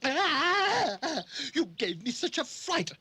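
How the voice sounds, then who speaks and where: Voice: medium pitch, big pitch swings, normal speed, fairly bright tone, breathy edge, heavily acted. An actor voicing a jittery, easily frightened creature in a cartoon dub, shrieking in alarm.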